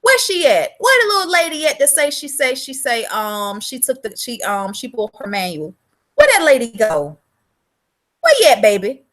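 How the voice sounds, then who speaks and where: A high, bright-voiced woman with a drawl talks into her livestream in a loose, chatty way. She's blunt and profane, calling out viewers by name as she goes. Her tone stays sharp and forward throughout. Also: sing-song, moderate pace. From South Carolina. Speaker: livestream host selling womb-care products. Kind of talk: casual livestream chat.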